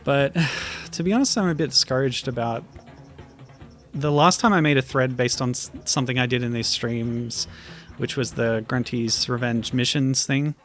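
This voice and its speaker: A man streaming and commenting on old web games, talking in a hesitant, halting way with many fillers and sometimes reading the game text aloud. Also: medium pitch, a bit bright, soft background music. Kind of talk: casual gameplay commentary.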